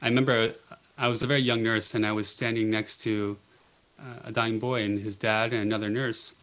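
A middle-aged man, a pediatric oncology nurse, telling stories in an earnest, gentle way with many "you know"s. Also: lowish voice, flat delivery, fairly quick. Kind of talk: reflective storytelling in a podcast interview.

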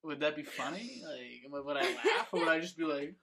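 A man's voice: fairly high pitch, expressive, a little fast, vocal fry, a loud crowd. A young man in casual chat, rambling through stories and laughing often.

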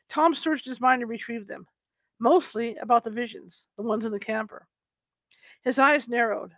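A woman reads an audiobook in a steady voice, with the occasional slip and restart. Her voice sits a little high and the recording is close and dry. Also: moderate pace, no room sound. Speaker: audiobook narrator. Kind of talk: audiobook narration.

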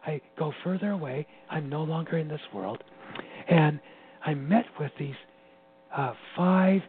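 Animated man telling a story over phone. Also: fairly high pitch. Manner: animated, laughs often while telling. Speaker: interview guest. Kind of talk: personal storytelling. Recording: tinny phone-line sound with faint hum.

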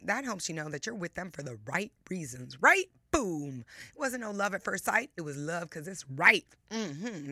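A woman's voice: medium pitch, bright, forceful tone, no room sound, studio quality. A woman hosting a live radio talk show, playful and emphatic, laughing often and stretching words for effect.

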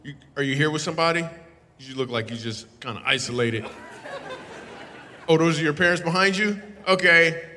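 A man doing stand-up crowd work, teasing the audience with a bright, forceful, slightly high voice. His handheld mic rings through a large hall with a long reverb. Faint audience murmur sits behind him. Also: slight background noise. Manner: playful, teasing, quick to laugh. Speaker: stand-up comedian. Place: live comedy show in a hall. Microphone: handheld microphone. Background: faint audience laughter.

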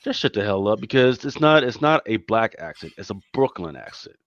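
A man from Philadelphia talks loosely and emphatically in a casual podcast chat. His voice sits on the low side, recorded dry with a somewhat dull, lo-fi sound. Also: very animated, a little fast, a bit bright, no room sound. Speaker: podcast co-host.

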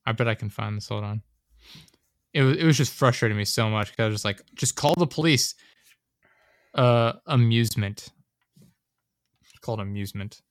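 A man's voice: fairly low pitch, clean tone, no echo, clean studio sound. Rambling young man, casual chat. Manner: rambling, animated, quick to act out scenes.

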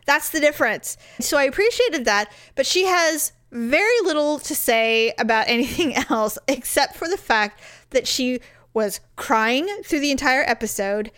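A woman's voice: sits high, expressive, moderate pace, fairly bright tone. A woman co-hosting a casual chat show, blunt and profane, acting out the people she quotes. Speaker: podcast co-host.

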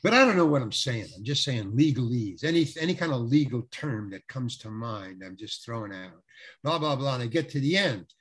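A man, an actor, telling an animated anecdote in an interview, repeating words and acting out the people he quotes. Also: mid-range voice, a little fast, husky.

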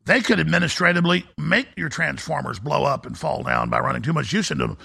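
A man hosting a talk show, ranting through a fiery political monologue. His voice is gravelly and raised high, with a bright, forceful edge. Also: quick pace.

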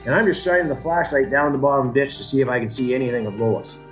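A man's voice: mid-range voice, quick pace, roomy sound, soft background music. A man bluntly retelling events in an interview, swearing and acting out the dialogue he quotes. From Ontario, Canada. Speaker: brother of a missing woman, interviewee. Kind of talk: storytelling interview.

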